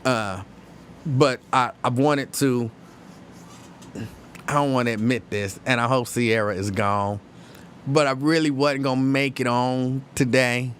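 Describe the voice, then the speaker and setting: A man from hosting a live-stream show, chatting casually and reading viewer comments, opinionated and halting, with many restarts. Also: medium pitch, fairly even intonation, fairly bright tone, a little hiss or hum. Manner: conversational, opinionated, halting with frequent restarts and fillers.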